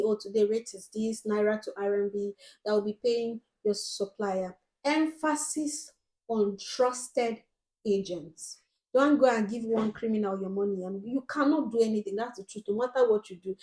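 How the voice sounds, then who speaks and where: A woman's voice: medium pitch, mellow. A young Nigerian woman hosting a casual advice vlog, talking directly and emphatically with frequent ums. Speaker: host.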